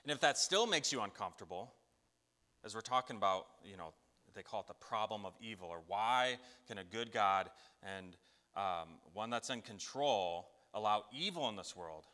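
A man preaches with a bright, forceful voice, talking to his listeners in plain words and voicing their doubts before he answers them. His voice rings out with a long reverb, as from a large hall. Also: fairly low pitch, lively intonation, normal speed. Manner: conversational preaching, asking imagined listeners' questions. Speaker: pastor. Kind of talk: sermon.

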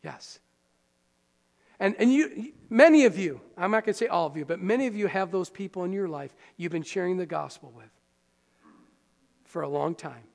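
A man pastor preaching a sermon in a conversational, animated way, with quick asides to the congregation. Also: high-pitched, creaky. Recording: long hall reverb.

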